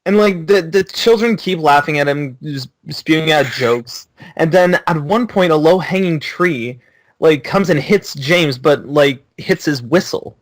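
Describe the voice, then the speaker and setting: A man casually pitching a short holiday story, offhand and full of fillers. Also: a little slow, no echo, poor audio.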